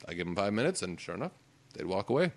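A man's voice: on the low side, sing-song, fast. A man in a casual chat, telling laid-back stories and laughing often. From Canada.

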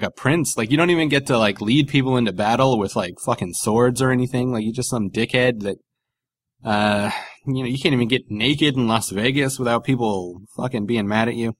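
A man's voice: medium pitch, lively intonation, moderate pace. A man co-hosting a comedy podcast in casual chat, rambling and swearing with lots of fillers and jokes. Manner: rambling, profane, jokey, many fillers. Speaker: podcast co-host.

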